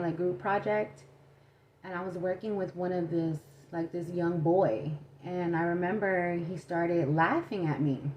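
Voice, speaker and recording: A young adult woman vlogger telling a story in casual chat, animated, acting out quotes and saying "like" a lot. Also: on the low side, a little hiss or hum. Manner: animated, acts out quotes, says "like" often.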